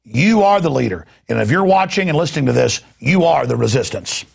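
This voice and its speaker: Middle-aged male talk host, husky rasp, stammering, fired-up delivery. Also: mid-range voice, lively intonation, fairly quick. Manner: impassioned, indignant, stammering repeats. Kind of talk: heated talk radio rant.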